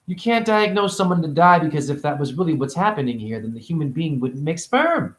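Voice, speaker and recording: A man giving a rambling spiritual monologue, free-associating and preachy, jumping between high exclamations and low mutters. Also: big pitch swings, brisk, hardly any pauses, roomy sound. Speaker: spiritual teacher.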